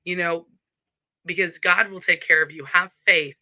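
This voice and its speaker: A woman's voice: fairly low pitch, steady tone, normal speed, pushed and bright, no room sound. A woman with a Southern accent hosting a casual live stream from home, chatty and upbeat as she greets viewers and reads their comments.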